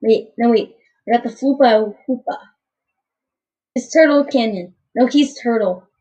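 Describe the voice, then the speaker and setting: A woman's voice: on the high side, unhurried, dark tone, highs cut off. A woman giving casual, goofy gameplay commentary, rambling and tripping over her words.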